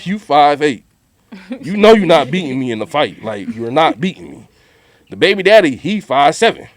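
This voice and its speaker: A man co-hosting a podcast, telling a story in animated, slangy casual talk and acting out quotes. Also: on the high side, normal speed. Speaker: podcast co-host.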